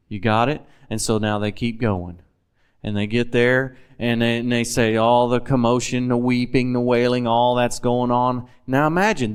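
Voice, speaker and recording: A man's voice: medium pitch, steady tone, measured pace, clear, resonant tone. A man preaching a sermon in a folksy, conversational way, often asking his listeners questions.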